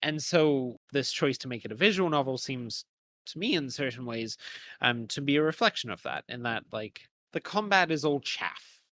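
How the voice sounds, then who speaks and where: A man chatting as a podcast co-host, his voice bright and forward. He rambles, circling back with "like" and little restarts, in a relaxed conversational way. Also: mid-range voice. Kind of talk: casual discussion.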